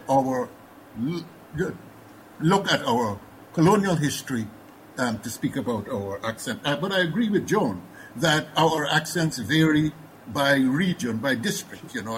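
A man's voice: medium pitch, fairly bright tone, a little hiss or hum, low-quality recording. A man with a Guyanese accent speaking as a panelist, thoughtful and full of fillers and restarts. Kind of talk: panel discussion.

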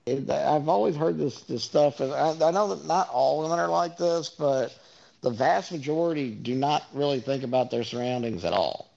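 A man's voice: a little high, moderate pace, vocal fry, a little mellow. A man telling stories in a casual, rambling monologue, full of fillers and swearing. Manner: rambling storyteller, many fillers, profane asides. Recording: dull lo-fi recording.

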